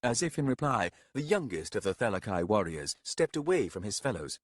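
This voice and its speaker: A man giving a measured, expressive audiobook narration on a close studio mic. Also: lowish voice, no room sound. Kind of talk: scripted narration.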